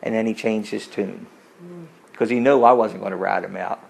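A middle-aged man preaching a sermon full of personal stories. He talks emphatically, rising to forceful peaks and dropping into low asides. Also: steady tone, moderate pace, vocal fry, rough recording. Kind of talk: sermon with storytelling.

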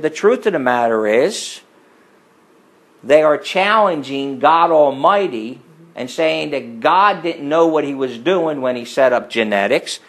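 Emphatic man preaching. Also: low-quality recording. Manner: emphatic, rising to forceful peaks and dropping to low asides. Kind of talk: sermon with storytelling.

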